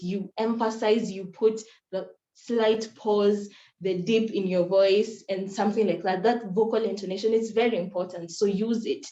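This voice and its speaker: A young woman from Kenya teaches a workshop on moot court in an earnest, instructive way, circling back to repeat her main points. Her voice is mellow. The recording sounds roomy and a little muffled. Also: mid-range voice. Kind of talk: workshop talk.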